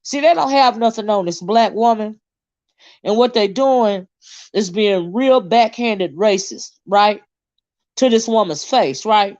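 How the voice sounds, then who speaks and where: A woman's voice: mid-range voice, a little slow, no room sound, dull audio. A woman, hosting a casual livestream, reading viewer comments and ranting with lots of swearing. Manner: animated, indignant, swears freely, reads chat aloud. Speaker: livestream host.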